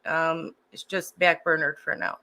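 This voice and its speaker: A woman's voice: sits low, little pitch movement, a little slow, sharp tone, rough recording. A woman with a Chicago accent co-hosting a livestream, chatting casually and hesitantly with many ums. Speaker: co-host. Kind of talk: casual chat.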